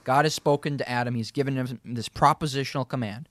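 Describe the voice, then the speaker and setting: A man's voice: mid-range voice, fairly even intonation, fast, fairly bright tone, no echo, studio quality. A man leading a casual Bible study, reading verses aloud and explaining them word by word. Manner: reads scripture aloud, repeats key words, laughs easily. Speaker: Bible teacher.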